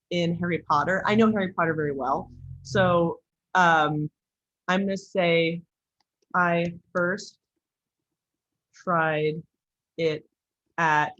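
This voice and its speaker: An American woman leads a casual online class, talking candidly and chattily with frequent likes and ums. Her voice sits somewhat low for a woman. The recording sounds dull and lo-fi, with the top end muted. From United States. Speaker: instructor.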